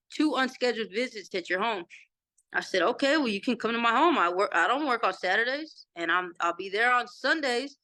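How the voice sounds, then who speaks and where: Texan lady in her 30s retelling a story, bright voice, a bit high, acts out all the quotes. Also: no echo. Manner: animated retelling with quoted dialogue. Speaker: interview guest. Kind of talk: casual storytelling.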